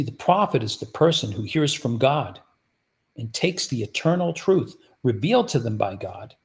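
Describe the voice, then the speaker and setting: A man preaching a sermon, teaching through rhetorical questions he puts to his listeners. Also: on the high side. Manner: rhetorical, repeatedly asks the audience "guess what".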